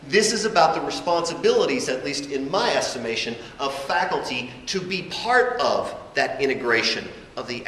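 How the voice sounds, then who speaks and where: Male academic presenter, lecture delivery, deliberate and emphatic, echoey hall with faint room noise. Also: mid-range voice, a bit bright. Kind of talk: conference lecture.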